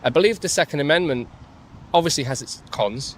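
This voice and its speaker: A man's voice: fairly high pitch, expressive, a little fast, slight background noise. A man answering questions in a street interview outdoors, hesitant and careful, often restarting his sentences.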